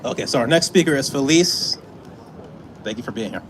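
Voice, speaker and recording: A man's voice: medium pitch, animated, fairly quick, poor audio. A man hosting an outdoor protest, thanking the crowd and introducing speakers, often repeating himself. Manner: warm, repeats words, restarts often. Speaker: event host. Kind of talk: casual emcee remarks. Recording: faint outdoor noise.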